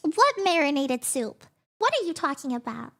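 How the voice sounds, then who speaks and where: A woman's voice: sits high, very animated, normal speed, pushed and bright. A young woman live-streaming in casual chat, giggling often and breaking off mid-sentence.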